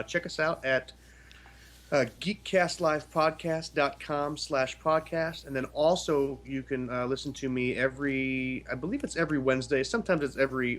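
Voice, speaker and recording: A man's voice: mid-range voice, a bit bright. A man as a guest on a podcast, rambling and joking in casual chat with lots of filler words.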